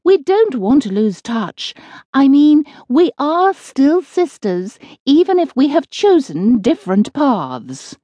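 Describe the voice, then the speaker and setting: A woman's voice: high voice, very animated, takes it slowly, dry recording, pitched above the performer's own voice, exaggerated voice. A woman doing a kindly, cheerful witch. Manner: gentle, patient and reasonable.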